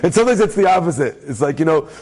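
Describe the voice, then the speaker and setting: A man, a rabbi, telling a story to an audience in an animated, joking way, acting out the voices. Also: fairly high pitch, racing, husky.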